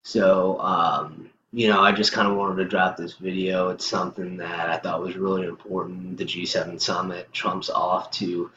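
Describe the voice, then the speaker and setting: Deep-voiced man ranting commentary. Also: flat delivery, moderate pace, few pauses. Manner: emphatic, ranting, many fillers. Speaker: host. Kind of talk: casual political commentary. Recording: echoey lo-fi room, faint noise.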